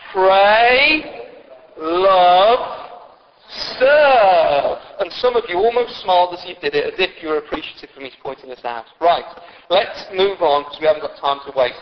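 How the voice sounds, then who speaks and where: Male pastor, high voice, lively sermon with jokes, dull reverberant church recording. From Britain. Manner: lively preaching with humorous asides to the congregation. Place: church hall with long reverb.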